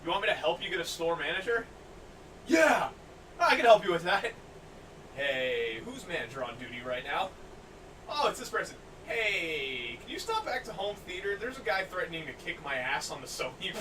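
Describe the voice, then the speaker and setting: A young man hosting a podcast, telling stories in an animated way, laughing often and loudly acting out what people said. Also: high voice, moderate pace. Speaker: podcast host. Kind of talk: casual storytelling chat. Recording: distant mic, faint noise.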